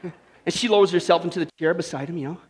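A male pastor preaching a sermon, telling a joke and then driving into scripture with lively energy. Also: a little high, quick pace, husky. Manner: energetic, joking storyteller preaching.

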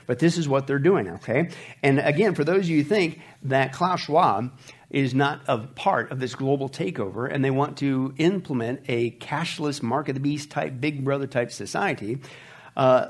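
A man hosting an opinionated commentary show, his voice at a middle pitch. He talks emphatically and preachily, calling his listeners folks as he drives his points home.

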